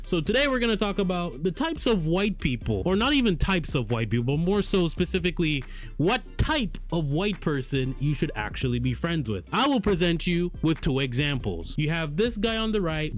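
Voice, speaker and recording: Animated young-sounding male vlogger. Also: a little high, moderate pace, faint music behind. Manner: animated, joking, talks to camera in slang. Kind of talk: casual vlog monologue.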